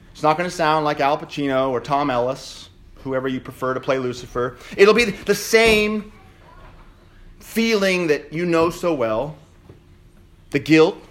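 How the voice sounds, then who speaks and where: A male pastor preaching an Easter sermon in a church, swinging between shouted declarations and quieter, joking asides. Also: a little high.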